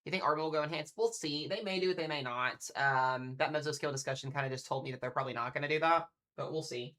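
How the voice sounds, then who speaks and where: Streaming live storm coverage from his home, a man with a fairly high-pitched voice talks fast, sounding bright and forceful. He chats excitedly and addresses his viewers directly in this casual weather commentary.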